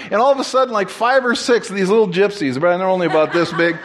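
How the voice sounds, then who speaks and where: A man preaching a sermon as pastor, telling a story in a lively, joking way and repeating phrases for emphasis. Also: high voice, quick pace. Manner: animated, jokey storyteller who repeats and restarts phrases.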